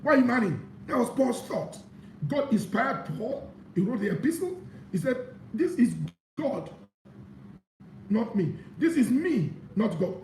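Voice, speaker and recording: A man preaching a sermon, reading scripture aloud and explaining it with animated emphasis. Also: extremely high pitch, unhurried, distant mic, slight background noise. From Nigeria. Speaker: pastor. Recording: echoey room.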